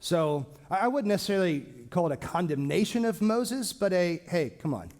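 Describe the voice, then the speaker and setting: A man teaching a small church Bible class in a casual, joking way, with lively asides to his listeners. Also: high-pitched, moderate pace. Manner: lively, joking, acts out quoted speech.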